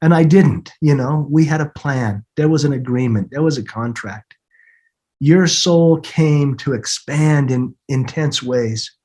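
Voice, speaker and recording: A man in his fifties, a podcast guest, telling an emotional personal story in an earnest way, often repeating words and laughing softly. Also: a little high, measured pace. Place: home, snowing outside.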